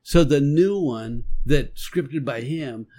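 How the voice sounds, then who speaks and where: A man's voice: mid-range voice, takes it slowly, dark tone. Earnest, emphatic man on a podcast. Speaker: podcast co-host. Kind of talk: casual faith conversation.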